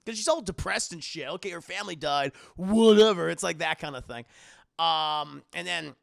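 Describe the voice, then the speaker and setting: A man recapping a movie in a rambling, profane, animated way while talking straight to his co-host. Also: on the high side, normal speed, gravelly, no room sound, clean studio sound. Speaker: movie reviewer. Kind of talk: casual comedic movie recap.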